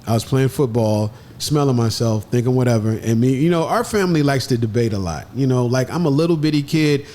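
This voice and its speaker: A man telling a story in an animated way, with lively jumps in pitch as he acts out other people's voices. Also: fairly quick. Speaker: podcast guest.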